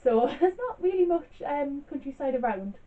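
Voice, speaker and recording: A young woman talks through her book picks in a loose, rambling way, filling her sentences with giggles and fillers. Her voice sits a little high, and it comes across thin and tinny, as if heard over a phone line, with the speaker set back from the mic. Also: big pitch swings, normal speed, far from the mic. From Newcastle, England. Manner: chatty and rambling, full of "like" and giggles. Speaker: book vlogger. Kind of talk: casual book review chat.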